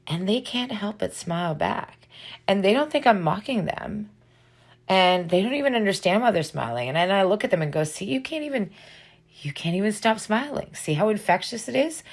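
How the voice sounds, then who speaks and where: Gravelly-voiced woman podcast host. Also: fairly low pitch. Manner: earnest, coaching, with frequent "right?" tags. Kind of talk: motivational monologue.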